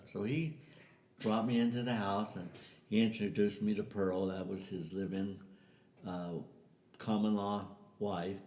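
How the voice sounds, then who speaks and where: A man's voice: lowish voice, little pitch movement, a little slow, darkish tone. An older man telling a family story in a casual way, acting out the voices of the people in it. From US Southwest. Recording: echoey room.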